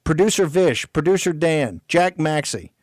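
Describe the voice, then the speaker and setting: A man's voice: a little high, lively intonation, normal speed, darkish tone, dry recording. A man hosting a political talk radio show, delivering an emphatic, fiery rant.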